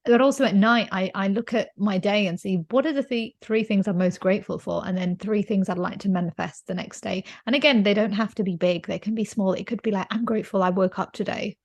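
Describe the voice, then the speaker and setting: A woman with a mid-pitched voice hosts a podcast. She tells stories in a casual, chatty way, and her phrasing is full of fillers and restarts. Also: a little fast, few pauses. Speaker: podcast host. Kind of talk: casual conversational storytelling.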